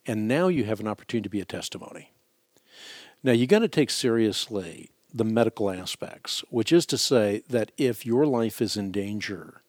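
A man's voice: fairly low pitch, dry recording, studio quality. A male radio host giving earnest, reassuring religious advice to a caller.

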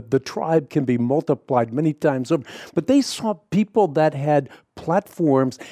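A man's voice: on the high side, dark tone, no echo, clean studio sound. A middle-aged man who hosts a radio show, talking earnestly and fluently, telling stories in conversation. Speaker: radio host. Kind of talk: conversational interview.

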